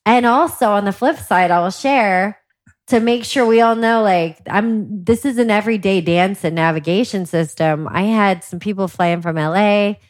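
A woman talking as a podcast guest, a lively storyteller who fills her talk with "like". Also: medium pitch, moderate pace, no room sound. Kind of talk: casual interview chat.

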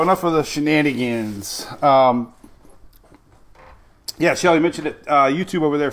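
Give me a chatty middle-aged man hosting a live weather show, greeting fans warmly. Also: medium pitch. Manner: chatty, upbeat, reads viewer greetings. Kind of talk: live-streamed casual weather talk.

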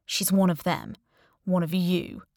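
Audiobook villain: cheerful middle-aged man with menace under it, read by a woman, low voice. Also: a little slow, no room sound, studio quality. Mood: coldly dictating. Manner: calm, breezy, quietly threatening. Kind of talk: audiobook character voice.

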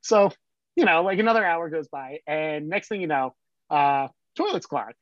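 A man's voice: fairly high pitch, animated, moderate pace, fairly bright tone, dry recording, lo-fi sound. A man from South Jersey, a podcast guest, telling stories in a rambling way full of fillers. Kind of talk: casual storytelling.

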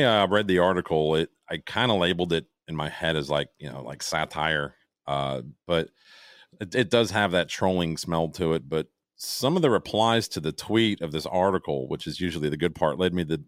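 An older man with a very low, deep voice talks through a casual podcast chat, trailing off and restarting his sentences. The sound is close and dry, with no room around it. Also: no room sound. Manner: rambling, halting, full of fillers and restarts. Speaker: podcast co-host.

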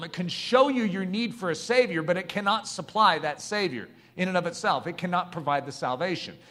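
A middle-aged man preaching a sermon, passionate and building to emphatic shouts. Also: high-pitched.

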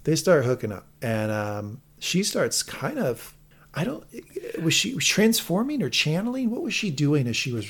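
A man co-hosts a fan podcast and recaps a TV episode with big, lively swings in pitch. He swears freely and slips into the characters' lines as he goes. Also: moderate pace, husky. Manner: animated, profane, quoting dialogue. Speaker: podcast co-host.

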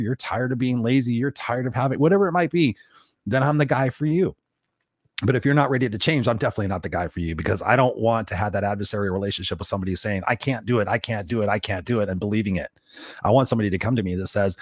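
A middle-aged man speaks quickly in an unscripted solo podcast. His delivery is blunt and emphatic, with free swearing and repeated phrases for stress. The recording is dry and close, with no room sound. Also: medium pitch, dry recording. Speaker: podcast host and coach.

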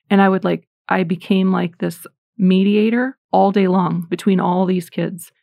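A middle-aged woman giving a casual, animated Christian talk, chatty and self-deprecating. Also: on the low side, unhurried, vocal fry, no echo, lo-fi sound. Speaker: Christian podcaster.

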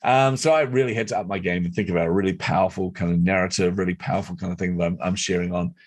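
A middle-aged man telling a personal story as an interview guest, animated and competitive. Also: deep voice, fast, breathy edge. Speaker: guest, speaker and entrepreneur.

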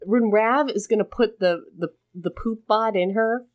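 A woman's voice: mid-range voice, unhurried. A woman joking around in casual chat, laughing often and riffing on absurd details. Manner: playful, jokey, laughing often. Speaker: podcast co-host.

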